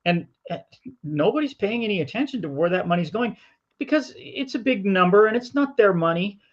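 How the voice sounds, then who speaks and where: A middle-aged man co-hosting a casual political chat, speaking haltingly and repeating words as he thinks. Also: sits high, lively intonation. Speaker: podcast co-host. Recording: dull lo-fi audio.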